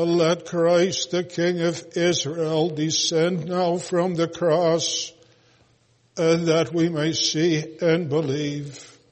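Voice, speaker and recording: A man reading scripture aloud in a solemn, slow, almost chanted way, with occasional hesitant pauses. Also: on the high side, a little mellow. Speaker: scripture reader. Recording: long hall reverb.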